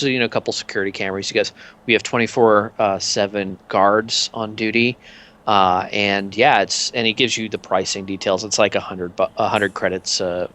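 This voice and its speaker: A man's voice: fairly low pitch, pushed and bright. A man narrating as game master in a tabletop game, in a loose, filler-heavy way.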